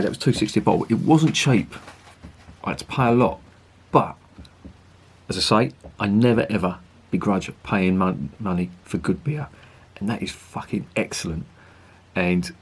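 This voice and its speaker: A man's voice: low voice, moderate pace, slightly rough. A man reviewing a beer to camera, chatty and enthusiastic, swearing casually.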